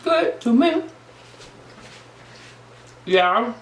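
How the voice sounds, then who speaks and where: A woman's voice: fairly high pitch, very animated, very slow. A woman hosting a casual eating vlog, playful and sing-song, calling her viewers honey. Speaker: mukbang vlogger. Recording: echoey room, faint background noise.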